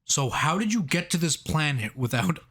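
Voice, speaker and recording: A man co-hosting a casual movie review podcast, laughing often and restarting his sentences as he thinks out loud. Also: a little high, big pitch swings, moderate pace, husky. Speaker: podcast co-host.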